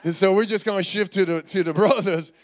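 A man pastor preaching a sermon in a church, animated and calling on the congregation to repeat words back. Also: sits high, a little fast. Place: church sanctuary.

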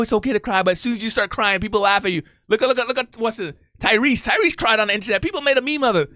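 A man's voice: very high-pitched, pushed and bright, dry recording, studio quality. A man hosting a reaction channel, giving blunt, opinionated commentary in a casual rant.

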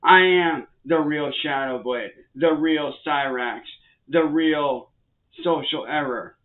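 A vlogger rants angrily at the camera, swearing and repeating threats and warnings aimed at people he calls trolls. His voice is on the high side and slow. The sound is tinny, like a phone.

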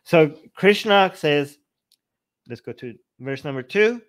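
A man with a slightly high voice gives loose, sarcastic commentary on scripture. He talks in an animated way, stops to restart his sentences, and breaks into mocking paraphrases. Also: slow pace. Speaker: podcast co-host.

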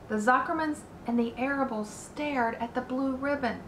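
A woman teacher reading a children's book aloud in a slow, deliberate manner. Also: high voice, fairly bright tone, a little hiss or hum. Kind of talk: read-aloud storytelling. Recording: roomy echo.

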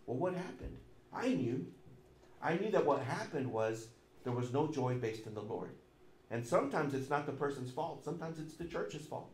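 A middle-aged man preaching a sermon as pastor, emphatic and repetitive, swinging between loud and soft. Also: a little high, lively intonation, normal speed, reverberant, slight background noise.

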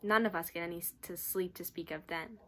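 A woman's voice: fairly low pitch, brisk, bright, forceful tone. A woman reading aloud, voicing a chatty, resigned male army orderly in clipped phrases. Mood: weary cheer.

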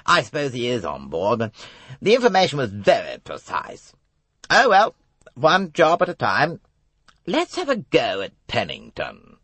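A man voicing a cool, brisk older British officer who questions coldly. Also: mid-range voice, wildly swooping pitch, fairly bright tone, husky, dry recording, voice pushed up, heavily acted.

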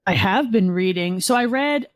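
A middle-aged woman guest on a podcast, chatting casually in a wry, self-mocking way with quick asides. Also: medium pitch, lively intonation, no room sound. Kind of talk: casual chat.

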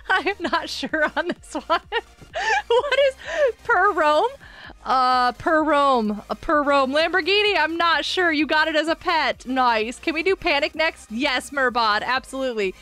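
Young woman game streamer, high bright voice, giggly and bouncy, bit of music behind. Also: expressive, takes it slowly. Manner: giggly, playful, sounds out words. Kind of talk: casual game stream chat.

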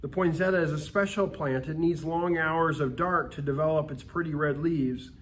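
A man reading the part of a gentle, wise aunt who speaks softly and reassuringly. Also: a little high, moderate pace, slight background noise, close to an everyday voice. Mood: gently teaching. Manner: soft, tender, reassuring. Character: gentle, wise middle-aged aunt, kindly and patient.

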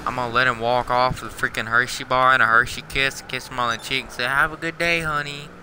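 A man's voice: mid-range voice, level tone, fast talker, bright, forceful tone, a little hiss or hum, low-quality recording. A young man livestreaming a game, trash-talking other players in slangy casual commentary while half asleep. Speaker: livestreaming gamer.

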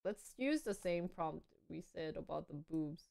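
Lively, smooth-voiced young woman streamer. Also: sits low, a little slow. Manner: chatty, playful, thinking aloud while trying things out. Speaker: live streamer. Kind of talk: casual live-stream chat.

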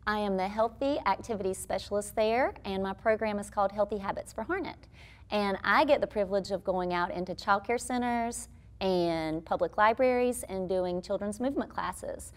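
A woman's voice: mid-range voice, moderate pace. A woman who teaches children's movement classes, guiding young kids through animal yoga poses in a cheerful, encouraging way. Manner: cheerful, encouraging, speaks simply to small children. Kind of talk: leading a kids' yoga class.

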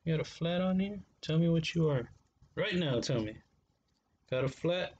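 A man's voice: a little high, lively intonation, normal speed, a little mellow, highs cut off, a little hiss or hum. Laid-back slangy man reviewing knives. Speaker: knife reviewer. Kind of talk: casual unboxing vlog.

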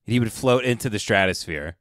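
A man's voice: fairly low pitch, lively intonation, fairly quick, a bit bright, dry recording, studio quality. A man hosting a live stream, mocking the people in a clip with sarcastic commentary. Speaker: stream host.

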